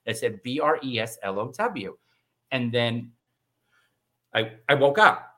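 A middle-aged man telling a personal story in casual conversation, animated and acting out the voices of the people in it. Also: measured pace. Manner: animated, acts out quoted voices with big pitch jumps. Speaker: guest.

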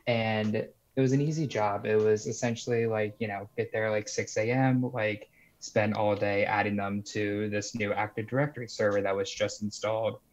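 A man's voice: on the low side, steady tone, moderate pace, hardly any pauses. A young man calling in to tell a story in a casual, rambling way, full of "like" and "you know". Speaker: caller sharing a story. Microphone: video call. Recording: muffled lo-fi call audio.

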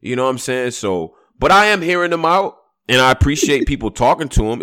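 A man talking on a casual podcast with heat and emphasis. He swears freely as he makes his points, and his pitch rises and falls in a lively way. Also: fairly quick. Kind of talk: casual chat.

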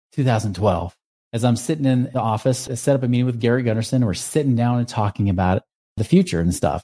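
A man hosting a podcast, earnestly telling a personal story and acting out the dialogue. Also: medium pitch. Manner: earnest, animated retelling with acted-out dialogue. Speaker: podcast host.

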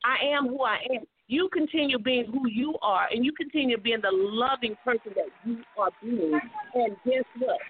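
Husky woman coaching over a phone line. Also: a little high, normal speed. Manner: earnest, encouraging, preacher-like repetition. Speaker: radio talk show host, life coach. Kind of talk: advice talk on a call-in show.

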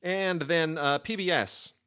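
A man reviewing new home video releases in a casual, rambling chat, with many filler pauses. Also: fairly high pitch, sharp tone, clear, resonant tone.

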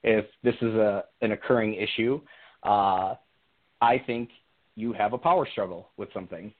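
A young man telling a personal story on a call to a radio show, thinking out loud with many restarts. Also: on the low side, moderate pace. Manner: reflective, earnest, many restarts and fillers. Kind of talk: casual conversational storytelling. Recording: tinny phone-line sound.

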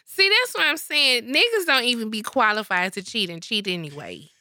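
A woman's voice: a little high, very animated, moderate pace, bright, forceful tone. A woman co-hosting a podcast, talking bluntly and profanely in casual chat. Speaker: podcast co-host.

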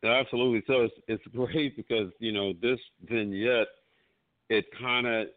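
A male musician guest telling stories in an interview, animated, peppering his talk with "man" and "you know.". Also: medium pitch, normal speed. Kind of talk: storytelling interview. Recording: tinny phone-like line.

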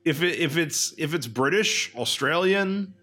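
Young male podcast co-host, blunt and boastful, bright tone. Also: on the high side, lively intonation, unhurried. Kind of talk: casual comedic chat.

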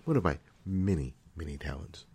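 A middle-aged man with a very low, deep voice talks into a studio microphone. He hosts his own internet radio show and tells a personal story in a loose, casual monologue, often repeating words and restarting sentences. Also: animated, moderate pace, warm tone, husky. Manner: storytelling, repeats phrases, self-corrects.

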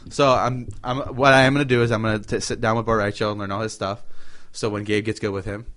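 A man's voice: on the low side, level tone, fast, a bit bright. A man hosting a casual, rambling chat about video games, swearing freely.

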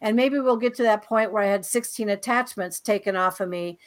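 A woman guest on a talk show, telling her own paranormal experiences in a casual, animated way and often repeating words. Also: medium pitch, brisk. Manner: animated, breezy storyteller who repeats words as she goes. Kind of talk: casual storytelling interview.

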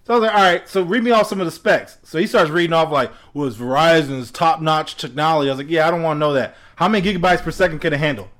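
Young guy telling a story, kinda high voice, does both sides of the call, laughs a bunch. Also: racing, hardly any pauses, fairly bright tone. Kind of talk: casual storytelling chat.

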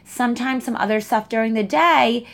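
A woman's voice: fairly high pitch, normal speed, vocal fry, a bit bright. A young adult woman who teaches dance, talking casually with frequent fillers and restarts. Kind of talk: casual chat.

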